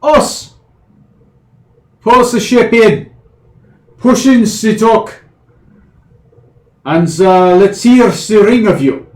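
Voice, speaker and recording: A man voicing a brisk female hobgoblin dock master, attempting a German accent, in an echoey room. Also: sits high, animated, darkish tone, voice pushed up, full character voice. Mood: bossy.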